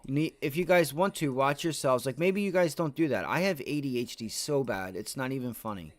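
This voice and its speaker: A man's voice: medium pitch, fairly quick, no room sound. A tired man hosting a trading livestream, rambling to his chat with many restarts. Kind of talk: casual live-stream talk.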